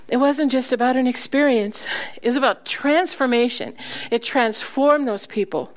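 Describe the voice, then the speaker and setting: A woman preaching a sermon, telling stories with laughter between points, slowing down for emphasis and dropping to a soft, quiet voice. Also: fairly high pitch. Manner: slows down for emphasis, then drops to a soft, quiet voice. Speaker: guest preacher.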